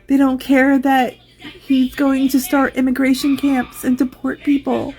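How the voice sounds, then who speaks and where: A woman's voice: high-pitched, completely flat delivery, a little slow, a little mellow, a little hiss or hum. A woman speaking earnestly and emphatically about feeling hurt, in a personal vlog.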